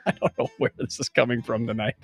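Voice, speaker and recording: A man's voice: medium pitch, breathy edge. A man hosting a podcast, joking around casually and rattling off lists of names. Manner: jokey, animated, rattles off lists quickly. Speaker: podcast host. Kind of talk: casual chat.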